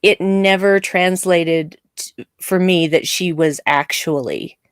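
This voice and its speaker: A woman hosting a live discussion show, giving opinionated, animated takes with laughing asides. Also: on the low side, slow, smooth, dry recording, clean studio sound. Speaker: show host.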